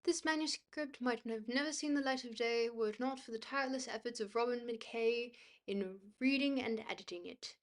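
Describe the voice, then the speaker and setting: A woman's voice: on the high side, moderate pace. A woman on a livestream reading a book aloud, tripping over hard words and breaking off for blunt, offhand asides. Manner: stumbles over hard words and restarts them.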